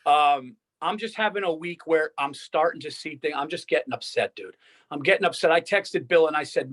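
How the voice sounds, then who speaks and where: A man's voice: on the high side, moderate pace, fairly bright tone. A man co-hosting a casual comedy podcast, telling rambling, profane, worked-up stories. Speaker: podcast co-host.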